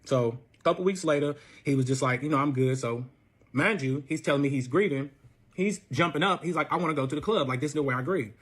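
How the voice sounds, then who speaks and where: A young man, a guest storyteller, recounts a personal story in casual storytime fashion, his voice a little high, quick and slightly rough. He is animated and profane, acting out quotes in a raised voice.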